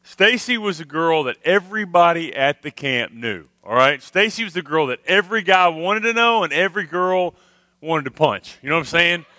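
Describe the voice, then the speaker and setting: A man telling a funny camp story to a youth crowd as a former youth minister, animated and tagging his sentences with "okay? all right?". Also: fairly high pitch, moderate pace, dry recording. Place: live youth camp worship service.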